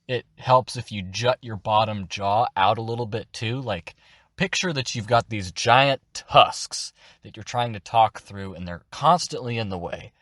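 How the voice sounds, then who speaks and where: Slow-talking casual voice tutor man. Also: medium pitch, no room sound, studio quality. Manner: relaxed, instructive, slow. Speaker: voice acting tutor.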